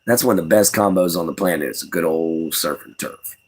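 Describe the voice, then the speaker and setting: This young man, a livestream host with a Southern US accent, has a low, slightly rough voice and a brisk delivery. He chats in a rambling, folksy way and chuckles while responding to the chat.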